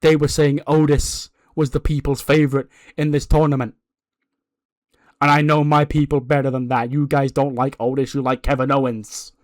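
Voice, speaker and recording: A man's voice: mid-range voice, little pitch movement, moderate pace, dry recording, studio quality, close to an everyday voice. A man voicing a brash, gloating male wrestling champion who cuts a boastful promo and talks down to his rivals. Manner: boastful, taunting, talks down to others.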